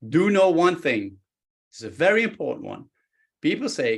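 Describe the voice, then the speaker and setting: A man, a guest expert on a talk show, explaining body language with lively stories, acting out quoted speech and often restarting his sentences. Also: on the high side, normal speed, vocal fry, breathy edge. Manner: animated, acts out quoted speech, frequent restarts.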